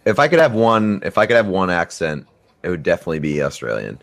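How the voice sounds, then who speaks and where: Deep voiced dude on a podcast, blunt, teases his buddy. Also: big pitch swings, fast talker. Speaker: podcast co-host. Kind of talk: casual chat.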